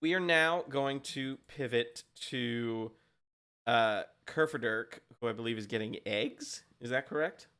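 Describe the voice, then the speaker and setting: A man's voice: medium pitch, measured pace, bright, forceful tone, clean tone. A man narrating as game master of a tabletop game, loose and giggly with lots of fillers.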